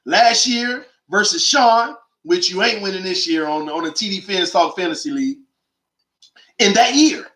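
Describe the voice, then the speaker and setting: A man's voice: high-pitched, animated, moderate pace, a bit bright, roomy sound. A man hosting a call-in sports show, delivering an emphatic, slangy monologue full of rhetorical questions. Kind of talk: animated opinionated monologue.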